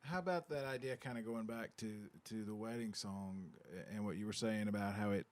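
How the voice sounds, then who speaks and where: A man, a newspaper reporter, asking measured questions with small hesitations in a casual interview. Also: lowish voice.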